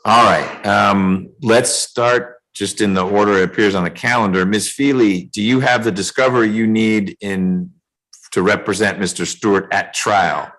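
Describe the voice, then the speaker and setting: A man presiding as judge over a remote court calendar hearing, speaking in a measured way with dry jokes, over a video call. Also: lowish voice, steady tone, a bit bright, rough recording.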